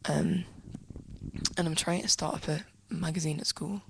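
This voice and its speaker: A teenage girl from England chatting casually in a vlog, rambling and giggling, often trailing off into soft whispery asides as she sits at home. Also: low voice, fairly even intonation, normal speed, gravelly, slight background noise, low-quality recording. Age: teens. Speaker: vlogger answering a friend's questions. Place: indoors, at home, sitting on a desk.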